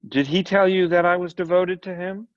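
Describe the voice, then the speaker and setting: Icy calm foreign woman, voiced by a man, very quiet, composed, dry close sound. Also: high-pitched, normal speed, no room sound, pitched above the performer's own voice, close to an everyday voice. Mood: cold. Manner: quiet, composed, then intense. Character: calm, cold foreign woman, tall and pale. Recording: dull lo-fi recording.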